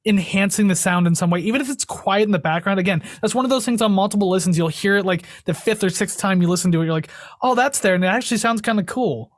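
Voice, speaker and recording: A man's voice: high voice, quick pace, hardly any pauses, dry recording, clean studio sound. A young man co-hosting a music podcast, enthusiastic and rambling, saying "like" a lot. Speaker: podcast co-host. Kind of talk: casual chat.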